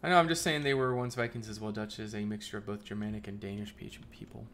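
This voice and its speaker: A man's voice: on the low side, steady tone, fast, a bit bright, a little hiss or hum. A man streaming live and chatting casually with viewers, thinking aloud in a rambling way and laughing often.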